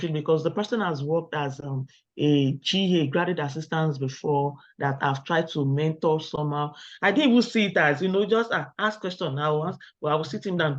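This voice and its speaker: A middle-aged Nigerian woman giving a webinar talk, firing rhetorical questions at the audience and telling lively personal stories. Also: sits low. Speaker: academic webinar speaker. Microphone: video call. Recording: dull lo-fi online call audio.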